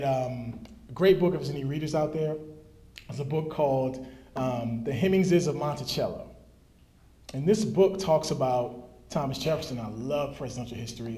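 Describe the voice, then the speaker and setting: Guy giving a lively talk, kinda higher voice, lots of "right?", echoey hall. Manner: animated, anecdotal, frequent "right?". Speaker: speaker, author and management teacher. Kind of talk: public talk.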